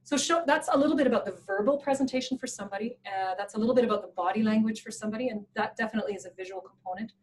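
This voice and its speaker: A woman presenting a professional development workshop in an animated, playful way, laughing often. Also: fairly high pitch, rapid-fire, few pauses, poor audio. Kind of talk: workshop talk.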